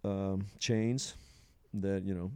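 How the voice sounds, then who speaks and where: Man, casual storytelling, rambling with fillers, smooth clear voice, slightly low. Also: fairly even intonation, slow, darkish tone. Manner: rambling, many fillers like "you know", laughs often. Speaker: podcast guest sharing a psilocybin experience.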